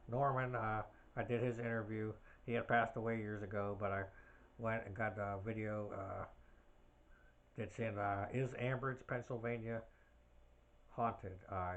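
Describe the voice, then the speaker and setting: A man's voice: lowish voice, a little hiss or hum. A man hosting his own podcast in a casual, rambling way, full of fillers and side tangents. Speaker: podcast host. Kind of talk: casual solo podcast chat.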